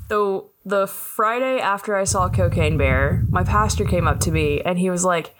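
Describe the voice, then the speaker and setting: A woman's voice: lowish voice, moderate pace, hardly any pauses, noisy background. A woman co-hosting a podcast, telling stories in casual chat and acting out both sides of conversations. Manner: animated anecdote teller, acts out both sides of conversations. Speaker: podcast co-host.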